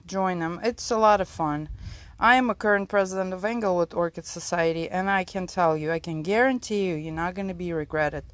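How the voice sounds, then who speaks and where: Breathless woman showing off her garden, kinda low voice, chats to her plants and viewers. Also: no room sound. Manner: chatty, talks to plants and viewers. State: out of breath from the heat. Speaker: orchid grower and channel host. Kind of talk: casual garden tour vlog. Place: outdoor orchid garden.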